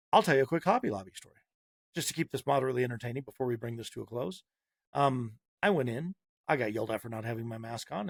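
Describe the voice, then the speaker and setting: A man's voice: medium pitch, vocal fry, husky, dry recording, studio quality. A man hosting a podcast, delivering a heated, sarcastic opinion monologue with punchy repetition. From Massachusetts. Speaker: podcast host.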